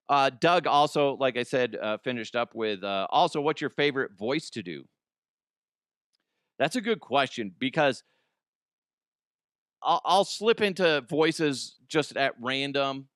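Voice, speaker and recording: A man's voice: medium pitch, lively intonation, a little slow, long pauses, fairly bright tone, clear, resonant tone, no echo, studio quality. A man in his forties hosting a comedy podcast, rambling in a casual, profane monologue. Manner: profane, rambling, laughs at own jokes.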